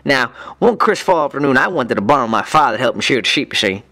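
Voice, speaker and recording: A man's voice: mid-range voice, sing-song, fast, sharp tone. A man voicing a crude, lecherous male cartoon villain, telling folksy stories with gusto. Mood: leering reminiscence. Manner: folksy, crude, exuberant storyteller. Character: lecherous rowdy male villain, Southern drawl. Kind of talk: cartoon comedy voice acting.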